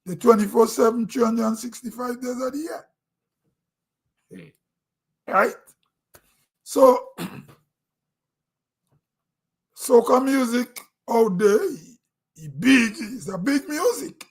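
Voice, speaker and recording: A man with a Grenadian accent hosting a show and giving his opinion in a deliberate, emphatic way with pauses. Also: very high voice, animated, breathy edge. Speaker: host. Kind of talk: opinion commentary.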